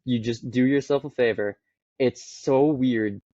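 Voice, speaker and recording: A man's voice: mid-range voice, a little slow, mellow, no room sound. A young man co-hosting a podcast, chatting casually and enthusiastically. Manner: enthusiastic, laughs often. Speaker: podcast co-host. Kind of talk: casual chat. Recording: dry, muffled lo-fi mic.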